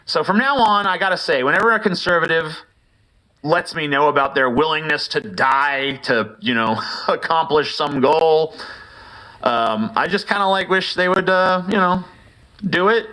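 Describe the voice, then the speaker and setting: A man's voice: on the high side, normal speed, bright, forceful tone, poor audio. A man giving sarcastic political commentary, amused with himself.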